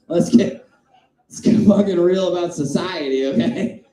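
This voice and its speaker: A man doing a stand-up set in a small comedy club, crude and self-mocking, swinging between shouting and mumbling. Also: on the high side, lively intonation, moderate pace, echoey room, rough recording.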